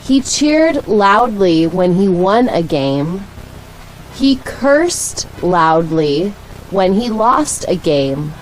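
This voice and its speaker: A woman with an American accent reading short English sentences aloud for learners, slowly and with clear enunciation. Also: medium pitch, very animated, a little hiss or hum, rough recording. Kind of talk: slow, deliberate read-aloud for learners.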